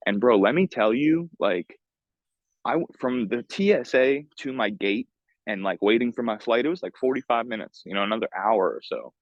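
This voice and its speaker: A man's voice: mid-range voice, animated, normal speed, no echo. Young New York man, podcast host, slangy profane storyteller, muffled lo-fi audio. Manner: swearing, filler-heavy street slang. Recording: dull lo-fi remote audio.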